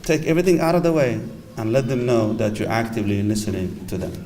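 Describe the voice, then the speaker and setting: Animated man lecturing a live audience. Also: mid-range voice, fast talker. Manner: animated, acts out little dialogues, Arabic phrases mixed in. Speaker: imam lecturing on marriage.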